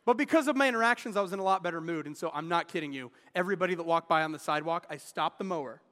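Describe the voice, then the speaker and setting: A man's voice: fairly high pitch, rapid-fire, sharp tone, long reverb tail. A man in his thirties giving a sermon as pastor, telling personal stories in an earnest, candid way. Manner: earnest, candid storytelling with restarts.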